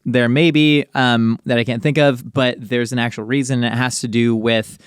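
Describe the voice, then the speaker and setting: A man's voice: mid-range voice, little pitch movement, normal speed, smooth, no echo, studio quality. A man co-hosting a podcast, explaining things in a rambling, casual way with lots of fillers. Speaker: podcast co-host.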